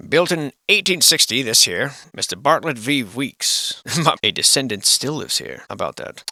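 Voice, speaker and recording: A man's voice: lowish voice, big pitch swings, fairly quick, bright, forceful tone, no echo, studio quality. A man hosting a video, giving casual, sarcastic and profane commentary on archive photos while wandering off into musings. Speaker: video host.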